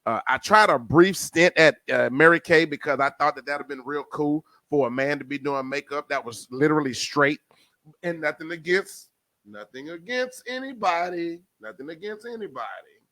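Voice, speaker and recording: A man with a New Jersey accent hosting a casual podcast, addressing listeners as family and swinging between loud and soft. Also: fairly high pitch, moderate pace, no room sound. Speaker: podcast host.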